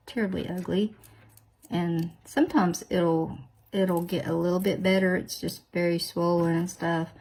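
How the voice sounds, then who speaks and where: A woman's voice: lowish voice, gravelly, a little mellow, husky. A woman hosting a nail video, chatting casually, self-deprecating and full of exclamations. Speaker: nail tutorial host. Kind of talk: casual chat while doing nails.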